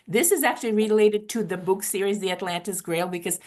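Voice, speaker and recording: A woman's voice: mid-range voice, brisk, a little mellow. A woman moderating an online panel, friendly and brief, asking a question about her book. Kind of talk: casual online panel conversation. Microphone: video call.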